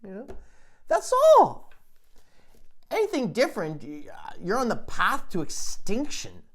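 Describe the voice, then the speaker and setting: A man hosting a comedy podcast, telling a rambling deadpan monologue in a halting, stammering way, full of restarts and "you know.". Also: sits high. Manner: deadpan absurd storytelling.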